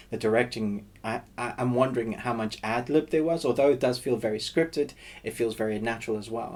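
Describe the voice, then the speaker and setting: A man hosting his own channel, chatting casually through a movie review and thinking aloud as he goes. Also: medium pitch. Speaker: film reviewer and channel host.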